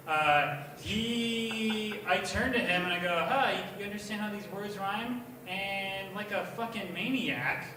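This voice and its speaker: A high-voiced young man works through a profane, rambling stand-up bit at a bar open mic and erupts into shouting along the way. He sounds distant and swimming in heavy room echo, as if recorded from the back of the bar. A clear wash of room noise sits under him the whole time. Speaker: stand-up comedian. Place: small bar at an open mic night, indoors. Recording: echoey bar taped from far off, with room noise.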